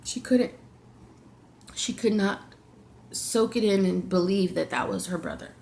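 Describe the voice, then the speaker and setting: A woman's voice: mid-range voice, a little slow, vocal fry, a little mellow, a little hiss or hum. A young adult woman vlogger telling a personal story in a confiding, emotional way.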